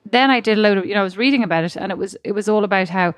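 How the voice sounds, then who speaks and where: Mum chatting, dry close sound. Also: female voice, mid-range voice, very fast, no echo. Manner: animated storytelling, acts out quotes. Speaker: podcast co-host and parent. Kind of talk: casual chat.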